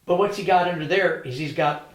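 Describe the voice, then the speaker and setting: An older man recounting his past as an interview guest, a lively anecdotal storyteller who acts out the dialogue. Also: fairly high pitch, a little fast. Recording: roomy echo.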